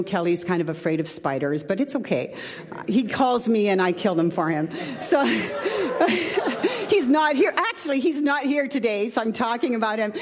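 A woman's voice: mid-range voice, darkish tone. Woman pastor preaching, chatty and casual, long echo in a church hall. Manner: conversational, chatty, with asides. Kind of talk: sermon.

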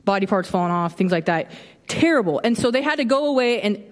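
A woman in her thirties giving a casual, animated sermon, acting out quoted reactions with a bit of humor. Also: medium pitch, quick pace. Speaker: preacher. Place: church sanctuary. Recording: long hall reverb.

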